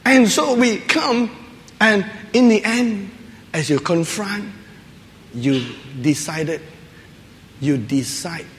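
A man's voice: high voice, slow, long pauses, a bit bright, a little hiss or hum. A man preaching a humorous sermon who chuckles often and acts out little voices as he tells his stories. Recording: long reverb of a large hall.

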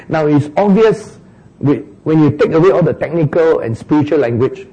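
Male preacher, animated sermon delivery, husky and mellow tone. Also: fairly high pitch, poor audio. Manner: animated, mimics crying sounds for humor.

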